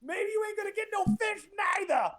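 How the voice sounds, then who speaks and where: A man voicing a jeering male gambler with a lazy eye, shouting mockery in a high strained voice. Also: lively intonation, brisk, reverberant, noisy background. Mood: mocking.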